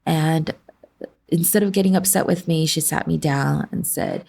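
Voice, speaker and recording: A woman's voice: sits low, normal speed, creaky, a little mellow, slightly rough. A woman guest in a podcast interview, earnestly telling a personal story and often restarting her sentences.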